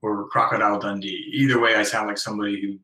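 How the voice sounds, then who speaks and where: A middle-aged American man talks casually as a guest over a long-distance call. His voice is bright and forceful, with a roomy echo around it. He is chatty and self-deprecating, often restarting his sentences. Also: on the low side, flat delivery, fast talker. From Northeast US. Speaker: guest author. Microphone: remote call from abroad.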